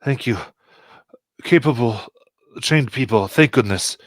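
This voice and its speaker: A man's voice: mid-range voice, a little slow, dry recording, pitched above the performer's own voice, lightly acted. A man voicing a harried female tiefling healer in a tabletop game, giving breathless, relieved thanks. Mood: urgent.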